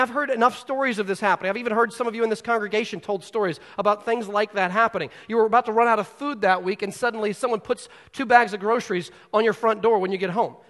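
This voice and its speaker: A man preaching a sermon as pastor to his congregation, animated and storytelling, rushing ahead and then dropping low for emphasis, in a church sanctuary. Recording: long hall reverb.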